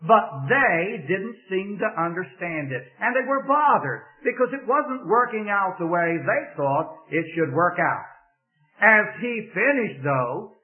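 A man preaching a sermon, telling a story earnestly and building to emphatic exhortation. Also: high-pitched. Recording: tinny phone-like recording.

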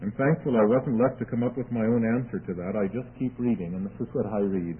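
Husky radio Bible teacher. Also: male voice, on the low side, quick pace. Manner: expository, reading scripture then explaining it. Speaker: preacher. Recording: tinny phone-like radio broadcast.

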